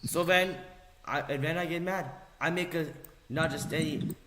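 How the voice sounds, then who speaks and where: Speaking at a moderate pace in a slightly high, fairly bright voice, a vlogger goes on a heated, sarcastic rant full of swearing and repeated phrases. A little hiss or hum can be heard in the recording.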